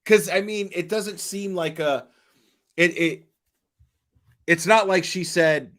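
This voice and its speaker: A man's voice: sits high, slow, pauses often, fairly bright tone. A man giving casual true crime commentary, skeptical and questioning, stumbling over restarts and firing off rhetorical questions. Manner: acts out quoted dispatcher questions.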